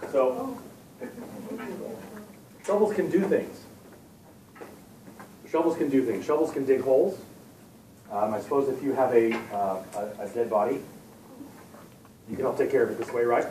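A man's voice: medium pitch, expressive, normal speed, long pauses, dark tone, a little hiss or hum. A man teaching a Bible lesson to a youth group, talking casually with fillers and repeated words. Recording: echoey room, from far off.

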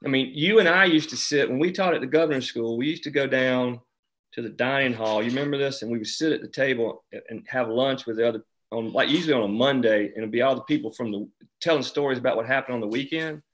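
A man's voice: medium pitch, fast, a bit bright. Rambling South Carolina man in conversation. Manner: rambling, lots of restarts and "you know". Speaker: author discussing his novel. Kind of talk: casual conversation.

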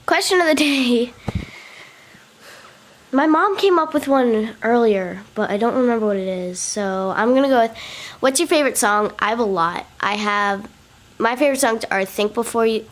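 A woman's voice: a little high, normal speed. A teenage girl vlogger who is losing her voice, rambling through a casual outro and poking fun at herself. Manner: chatty, rambling, self-mocking.

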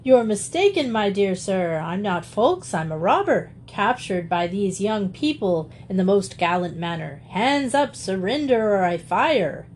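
A woman voicing a hearty, jovial middle-aged gentleman in an audiobook reading, with a genial, theatrical manner. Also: mid-range voice, sing-song, a little slow, few pauses, slight background noise.

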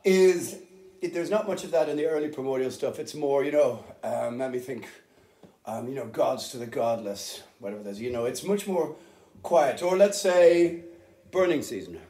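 A man's voice: medium pitch, moderate pace, dark tone. A middle-aged man who sings heavy metal, explaining his vocal technique in a casual, rambling, unprepared way with plenty of fillers. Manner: rambling, informal, with many fillers. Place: band rehearsal room. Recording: roomy rehearsal room echo.

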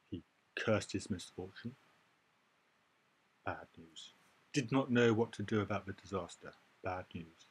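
A man's voice: lowish voice, slight background noise. A male teacher giving an exam-prep reading lesson, who explains step by step and stresses key points. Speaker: IELTS teacher.

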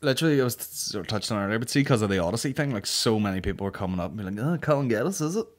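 A Northern Irish man hosting a comedy podcast, swearing freely and animated in casual banter. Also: lowish voice, racing. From Northern Ireland. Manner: sweary, animated, mimics voices mid-story. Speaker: podcast host.

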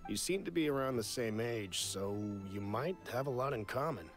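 A man's voice: mid-range voice, animated, normal speed, over music, lightly acted. A man voicing a kindly, courteous older village chief in a game. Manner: gentle, courteous host offering tea. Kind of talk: game voice acting.

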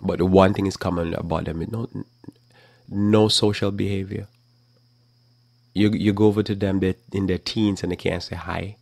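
Deep gravelly male preacher, dry close mic. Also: steady tone, normal speed, darkish tone, dry recording. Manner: preachy, conversational, acts out quoted exchanges. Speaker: Bible teacher. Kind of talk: live talk program sermon.

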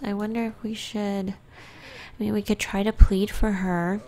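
A woman casually commenting on her own gameplay, often dropping to a soft whisper. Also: medium pitch, fairly even intonation, moderate pace, a little hiss or hum. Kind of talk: casual let's-play commentary.

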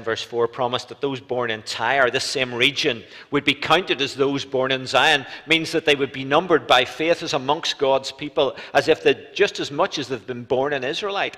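Northern Irish male preacher, middle pitch, sermon delivery with rhetorical questions, church live stream with long reverb. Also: sharp tone. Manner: rhetorical questions, rises and drops in volume for emphasis.

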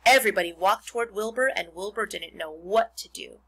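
A woman teacher reading a children's novel aloud to her pupils, expressive and stopping to explain words. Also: medium pitch, brisk, breathy edge, low-quality recording.

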